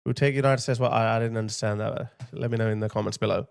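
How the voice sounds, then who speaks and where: A man's voice: fairly low pitch, steady tone, fast, creaky, crowd noise. A man giving impassioned video commentary, emphatic and indignant, driving his points home by repeating phrases. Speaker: political commentator.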